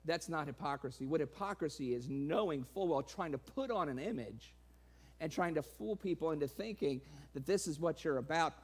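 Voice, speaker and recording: Male preacher, high voice, lively sermon delivery with sarcastic humor and frequent laughs. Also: slightly rough. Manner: animated, laughing, sarcastic asides, quoting in raised voice.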